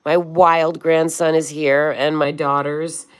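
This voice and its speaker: A woman's voice: low voice, little pitch movement, takes it slowly, clean tone. A woman in her sixties hosting a casual livestream, chatting with viewers and calling them honey and sweetheart, with a swear here and there. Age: 60s. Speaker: livestream host. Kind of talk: casual livestream chat reading comments.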